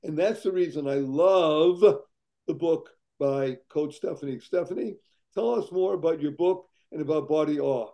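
A hoarse man talking as a podcast guest, exuberant and playful, spelling words out. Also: fairly high pitch, moderate pace, mellow. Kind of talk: casual podcast chat.

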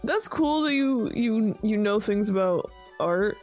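A woman player in a tabletop role-play, speaking slowly and stumbling over restarts. Her pitch moves widely, and faint music sits behind her. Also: lively intonation, a little mellow. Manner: hesitant, many restarts.

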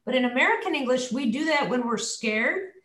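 A woman's voice: high-pitched, expressive, a little fast, fairly bright tone, reverberant, a little hiss or hum. A woman voice coach leading a coaching session, demonstrating her points with her voice. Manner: demonstrative, shifts her voice to show examples. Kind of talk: coaching session on a video call.

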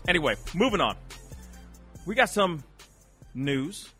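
Lively, bright-voiced male radio host. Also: a little high, measured pace, faint music behind. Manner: animated, slangy, talks to listeners directly. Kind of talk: casual chat.

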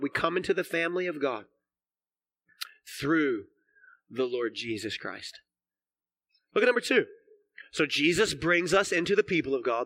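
Fervent, high, bright-voiced preacher man. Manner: builds to loud, fervent shouting; drops to soft, low emphasis on key phrases. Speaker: senior pastor. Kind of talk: sermon. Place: church sanctuary.

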